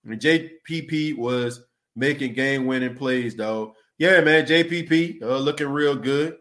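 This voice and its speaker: A man's voice: medium pitch, a little slow, fairly bright tone. Easygoing man hosting a sports podcast. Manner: loose and conversational, restarts words, says "you know" and "man" often; reads out and answers listener comments. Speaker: podcast host. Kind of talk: casual sports talk podcast.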